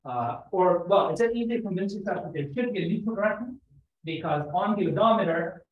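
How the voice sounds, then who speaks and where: A man delivers a mathematics seminar, his voice sitting a little high for a man. He explains step by step and thinks aloud as he works through the ideas. The sound is roomy and somewhat muffled, as if caught in a seminar room. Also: expressive, fairly quick, a little hiss or hum. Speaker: lecturer. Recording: echoey lecture room, slightly dull sound.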